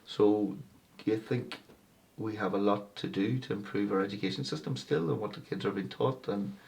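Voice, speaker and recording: A man interviewing a guest, asking halting questions and adding short agreements. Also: lowish voice, gravelly, darkish tone. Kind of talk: casual interview chat. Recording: distant mic, faint background noise.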